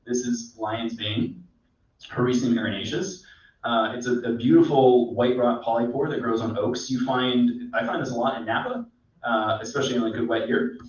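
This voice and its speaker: A man, a mycologist guest, explaining in a relaxed, rambling way with many fillers. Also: medium pitch, normal speed. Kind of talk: casual explanatory chat. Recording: echoey, distant, dull sound.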